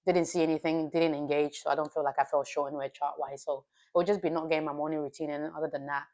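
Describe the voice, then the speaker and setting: A woman's voice: low-pitched, flat delivery, quick pace, darkish tone. A woman streaming live as a futures trader, chatting loosely with viewers, swearing freely, and talking herself through a review of her trading day. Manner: reflective, self-coaching. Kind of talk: casual livestream chat and trade review.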